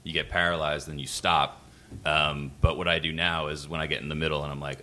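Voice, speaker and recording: A man's voice: very deep voice, flat delivery, brisk, bright, forceful tone. A man being interviewed about screenwriting on a podcast, talking casually with lots of fillers and restarts, chewing ice. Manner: rambling, many fillers and restarts, acts out quoted voices. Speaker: screenwriter guest.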